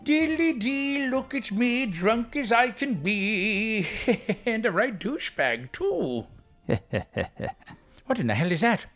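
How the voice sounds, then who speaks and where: A man playing a stingy, drunken Irish trickster in a put-on Irish brogue, high and lilting. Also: very animated, slow pace, fairly bright tone, soft background music, full character voice. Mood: drunken jolly.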